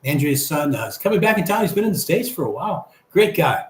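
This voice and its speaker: This older man's voice is fairly high and sing-song, moving at a quick pace as he hosts a casual live stream. He reads out viewer comments before replying, and the room echoes with a faint background hum.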